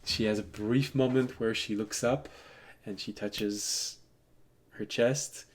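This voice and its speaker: A man running a tabletop game as game master, relaxed and digressive, laughing often as he tells stories. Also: lowish voice, slow pace, a little hiss or hum.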